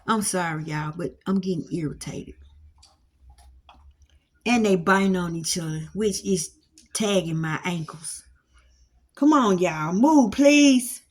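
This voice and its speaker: A woman's voice: medium pitch, a bit bright. A woman who gives a casual spiritual talk at home, in a folksy preacher cadence with lots of repetition. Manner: folksy preacher cadence, repeats phrases, Southern vernacular. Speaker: spiritual teacher. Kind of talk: casual monologue to camera. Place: home with dogs at her feet.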